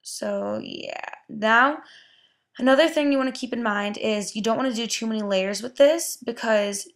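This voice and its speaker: A woman's voice: on the high side, normal speed. A young woman giving a casual hair tutorial, chatty and full of "like" and "um". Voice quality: gravelly vocal fry. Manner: chatty, lots of "like" and "um". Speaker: beauty vlogger.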